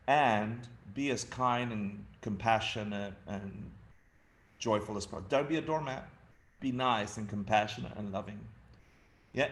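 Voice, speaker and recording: A man's voice: on the low side, a bit bright. A man in his fifties from Argentina giving a humorous dharma talk, telling family stories with frequent laughter. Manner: laughing, storytelling, chatty. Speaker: dharma teacher.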